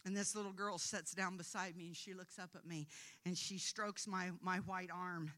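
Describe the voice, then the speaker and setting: A woman preacher telling a mission story in a sermon, swinging from quiet storytelling to emphatic, rising preaching. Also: lowish voice, fairly even intonation, moderate pace. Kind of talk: sermon testimony.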